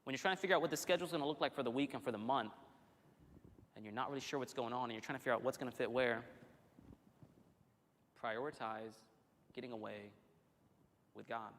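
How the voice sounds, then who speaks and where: Male pastor, sermon in a church; animated, rapid storytelling delivery, echoing hall. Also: mid-range voice, a little hiss or hum. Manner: conversational, animated storytelling with restarts. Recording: long hall reverb.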